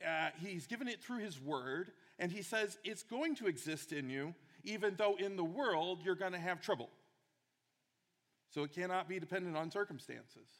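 Earnest high-voiced man preaching in a hall. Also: expressive, normal speed, a bit bright. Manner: earnest, emphatic preaching with repetition. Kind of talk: sermon.

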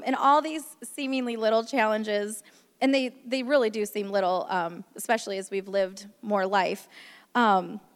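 A woman giving a candid, self-deprecating personal testimony about her marriage at a church gathering, with many fillers. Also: a little high. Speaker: speaker sharing a marriage testimony. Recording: long reverb in a large hall.

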